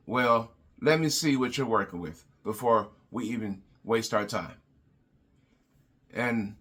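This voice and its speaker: A man's voice: medium pitch, pushed and bright. A car salesman talking through buying advice in a plain, repetitive way with lots of fillers. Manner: plain-spoken, repeats words, many fillers. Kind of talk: advice vlog talk.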